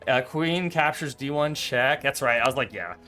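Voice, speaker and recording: With plenty of laughter, jokes and swearing, this man calls out the moves of his replayed chess game as a co-host at a streaming setup. His voice is mid-range with a sharp tone, and he speaks at normal speed.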